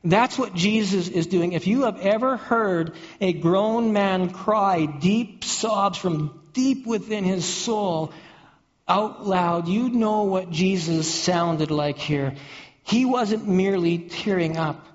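A man with a high voice preaches a sermon, drawing his listeners into the story and often repeating words as he paints the scene. The recording is dull and muffled, and long reverb from a large church hall trails behind his voice. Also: takes it slowly. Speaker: pastor.

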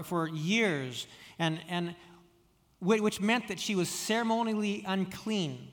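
High-voiced man preaching in a reverberant hall. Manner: storytelling, many restarts and stammered repeats, drops soft for quoted words. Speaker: pastor. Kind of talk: sermon.

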